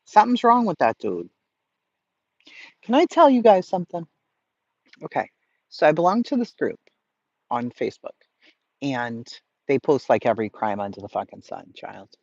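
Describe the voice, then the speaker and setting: A man talks to his live chat in a loose, excitable way, and his swearing comes easily. His voice sits in a middle register, and the audio is dull and lo-fi. The sound is dry, with no room around it. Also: mid-range voice, moderate pace, creaky, long pauses, breathy edge, dry recording. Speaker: livestream host. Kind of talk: casual livestream chat.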